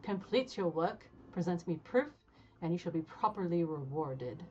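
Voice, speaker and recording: A woman's voice: fairly low pitch, expressive, dark tone, slight background noise, lightly acted. A woman playing a solemn male battle commander. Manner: deliberately dramatic, formal. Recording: slightly dull audio with game music.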